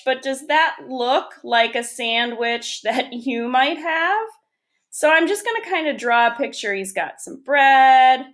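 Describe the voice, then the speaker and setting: A woman teaching young children, reading a picture book aloud and explaining step by step in a gentle, encouraging way. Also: high-pitched. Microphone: camera or phone on a desk.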